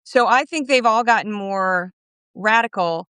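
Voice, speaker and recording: A middle-aged woman chatting as an interview guest over her phone, animated and quick with laughing asides. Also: mid-range voice, clear, resonant tone, no room sound. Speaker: podcast guest. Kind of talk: casual interview chat.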